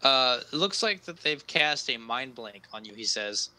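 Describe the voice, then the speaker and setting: A man narrating as game master in a tabletop game, relaxed and halting, with many fillers. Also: medium pitch, poor audio.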